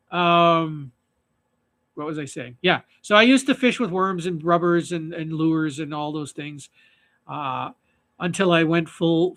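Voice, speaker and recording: A man's voice: fairly high pitch, fairly bright tone. A man hosting a fly-tying livestream, telling a rambling funny fishing story and laughing at his own jokes.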